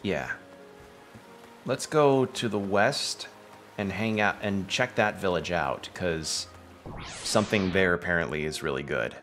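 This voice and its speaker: A man's voice: deep voice, unhurried, long pauses, a bit bright, soft background music. A man streaming a game, chatting casually and thinking aloud about where to go next. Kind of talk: casual gameplay commentary.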